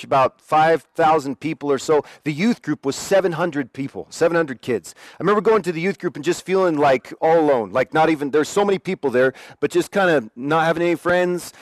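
Young man, personal testimony, animated and self-mocking, higher pitch, dry recording. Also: no echo. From Oregon, USA. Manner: lively, self-deprecating, acts out quotes. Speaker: speaker sharing his faith testimony.

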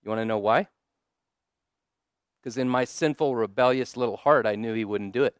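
Smooth-voiced male preacher, dry sound. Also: medium pitch, no echo. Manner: conversational preaching with frequent "like" and "right?"; emphatic, slowing down on key lines. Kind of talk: sermon.

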